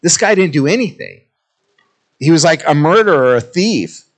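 A middle-aged man, a pastor, giving a relaxed, conversational sermon, joking and asking his congregation questions. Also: on the high side, moderate pace. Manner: chatty, jokey, asks the congregation questions.

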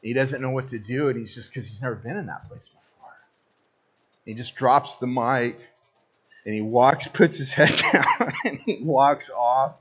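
A man's voice: mid-range voice, a little slow, a bit bright, husky. A man preaching a sermon as pastor, casual and joking, talking straight to the congregation.

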